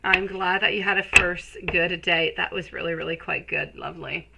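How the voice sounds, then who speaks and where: A woman's voice: on the low side, steady tone, moderate pace, gravelly, sharp tone, slight background noise, rough recording. A woman giving a live-stream tarot reading, chatty and affectionate, calling viewers sweetie. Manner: chatty, rambling with restarts. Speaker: tarot reader.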